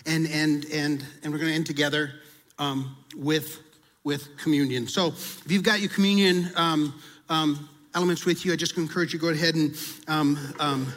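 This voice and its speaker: A man's voice: on the high side, a bit bright, long reverb tail. A male pastor preaching in a conversational way, acting out prayers and confessions as he talks. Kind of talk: sermon.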